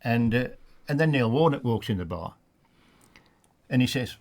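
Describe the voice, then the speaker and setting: A man with a Black Country accent, a retired football referee telling funny anecdotes in a relaxed studio chat. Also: mid-range voice, normal speed. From England. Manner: anecdotal, laughs at his own stories, many restarts. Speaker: studio guest, former referee. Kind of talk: storytelling in a casual chat.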